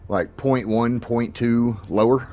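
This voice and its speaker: A man's voice: mid-range voice, takes it slowly, mellow, soft background music. A man casually talking racing tips while playing a racing sim, swearing freely and laughing often. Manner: profane, laid-back, laughs often. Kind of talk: casual gameplay commentary.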